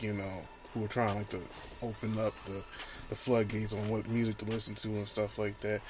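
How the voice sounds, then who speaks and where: A man co-hosts a podcast in loose, casual talk. He swings into loud, cursing rants and laughs easily. A faint hiss sits under his voice. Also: lowish voice. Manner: animated, profane ranting with laughs. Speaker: podcast co-host. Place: small home studio.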